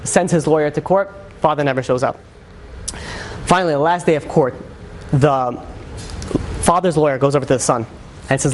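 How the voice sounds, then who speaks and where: A man, a rabbi, telling a dramatic story in a sermon, with lively, conversational storytelling that swings into character voices. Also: moderate pace, pauses often, a little hiss or hum. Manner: animated storyteller, acts out characters with shifts in pitch; conversational, many fillers.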